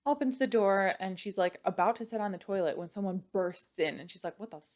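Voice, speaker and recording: A woman's voice: mid-range voice, brisk, darkish tone. A young woman casually retelling a true crime story, chatty and full of "like" and "you know".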